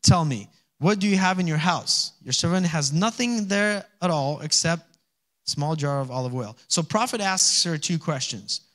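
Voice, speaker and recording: Man preaching a sermon, high voice, chatty, acts out quotes, swells to loud calls. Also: animated, moderate pace. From Alaska. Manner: conversational preaching, acts out little voices and laughs; rising to loud exhortation. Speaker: pastor.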